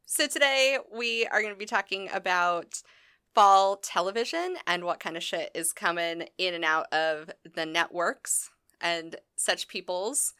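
A woman's voice: on the low side, a little slow, pushed and bright, smooth, dry recording. A woman co-hosting a podcast, chatting sarcastically, swearing and laughing often. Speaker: podcast co-host. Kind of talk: sarcastic casual chat.

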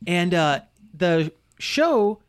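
A man's voice: high voice, very animated, drawn-out words, clean tone. A man hosting a radio show, chatting casually with fillers and frequent laughter. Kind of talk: casual chat.

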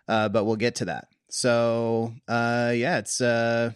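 A man's voice: mid-range voice, level tone, takes it slowly, clear, resonant tone, no echo, clean studio sound. A man co-hosting a podcast, talking casually through a Bible story with many fillers and restarts. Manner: chatty, full of fillers and restarts. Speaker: podcast co-host. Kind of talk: casual conversational Bible discussion.

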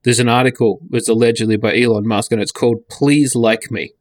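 A man talks in a casual podcast chat at a middle pitch, blunt and profane. He often restarts his sentences as he thinks aloud. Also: fairly even intonation, fairly quick, no echo, clean studio sound. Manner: blunt, sweary, restarts a lot.

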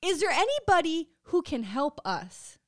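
A woman's voice: extremely high pitch, sing-song, a little slow, no room sound, studio quality. A woman co-hosting a podcast in casual chat, who swears freely and laughs often. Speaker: podcast co-host.

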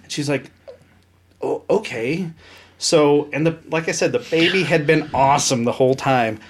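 A man's voice: on the high side, a little fast, slight background noise. A man co-hosting a podcast, telling a funny anecdote and acting out the people in it. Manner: animated anecdote teller, acts out voices. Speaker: podcast co-host. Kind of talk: casual storytelling.

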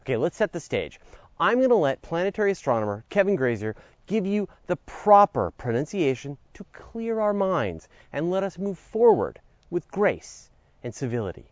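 A man's voice: fairly high pitch, big pitch swings, normal speed, no room sound, highs cut off. A man hosting a podcast, reading a scripted science script with a playful, jokey manner and theatrical asides. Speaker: podcast host.

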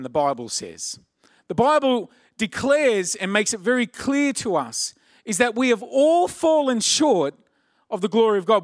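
A man delivers a sermon through a lively personal story. His voice sits high and leaps around as he acts out the shouted lines. The sound is close and dry. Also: no room sound. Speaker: preacher.

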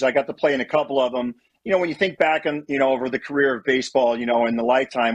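A middle-aged man, a former pitcher and guest, telling long rambling stories with lots of "you know" and restarts. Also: no echo. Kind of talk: casual storytelling.

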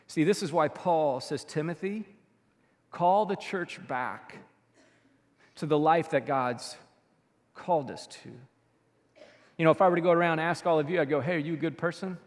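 High-voiced male pastor in an echoing hall. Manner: storytelling with swings between hushed and loud. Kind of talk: sermon. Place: church. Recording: long reverb of a large hall.

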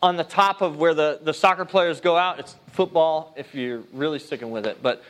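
Male pastor, higher voice, earnest conversational sermon with restarts. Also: moderate pace. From United States.

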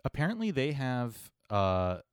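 A man's voice: mid-range voice, very animated, unhurried, clean tone, dry recording, clean studio sound. A man co-hosting a podcast, talking in a sarcastic, rambling, swearing way. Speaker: podcast co-host. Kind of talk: casual chat.

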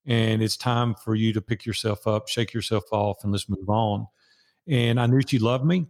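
A man's voice: medium pitch, darkish tone. A man in his sixties, a guest on an interview show, telling a personal story in an earnest, preacherly way and acting out the dialogue.

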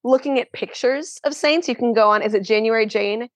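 Female guest, chatty and self-mocking, raised pitch, no room sound. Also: brisk, dry recording. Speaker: podcast guest. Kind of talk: casual chat.

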